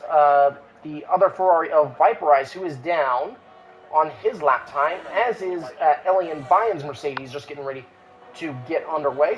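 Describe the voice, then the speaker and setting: A man's voice: on the high side, lo-fi sound, a little hiss or hum. A man giving live commentary on an online sim racing qualifying session, with frequent "uh" fillers and restarts. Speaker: race commentator.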